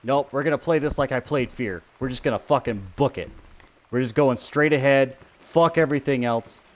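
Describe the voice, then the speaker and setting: A man commenting on a video game he plays alone in a dark room, swearing often and getting loudly frustrated. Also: medium pitch, normal speed. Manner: swears constantly, frustrated and loud. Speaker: gamer streaming a playthrough. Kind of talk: profane let's-play commentary.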